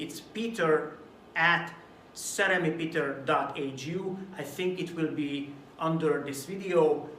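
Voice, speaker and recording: A man from Hungary giving a recorded video talk to camera about presentation delivery, lively and at times acting out a dull, mumbled way of speaking as a contrast. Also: fairly high pitch, echoey room, far from the mic, slight background noise. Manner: animated, demonstrates flat and mumbled delivery as examples. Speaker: presentation coach.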